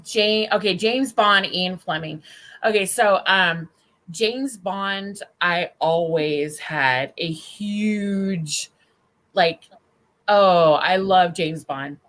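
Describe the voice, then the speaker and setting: A woman's voice: fairly low pitch, very slow, fairly bright tone. A woman hosting a casual livestream chat, rambling and bawdy as she talks with friends and the chat. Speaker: stream host.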